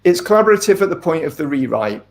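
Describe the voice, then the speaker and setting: A middle-aged man, an author being interviewed, talking in a thoughtful, measured way with frequent ums and asides. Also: a little high, sing-song. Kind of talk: casual interview talk.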